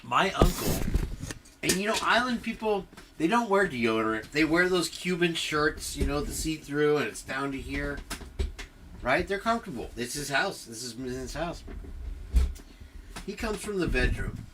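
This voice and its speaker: A man's voice: a little high, unhurried, background noise. A middle-aged man hosting a livestream, telling a long, rambling story full of swearing and tangents. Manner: profane, tangent-prone, animated retelling. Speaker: livestream host.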